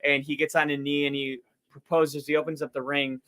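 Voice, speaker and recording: Guy co-hosting a fan football stream, bright voice, rambly, laughs a lot. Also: on the high side, level tone, a little fast. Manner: rambling, laughs often, storytelling. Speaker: fan co-host calling the game. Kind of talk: casual play-by-play chat.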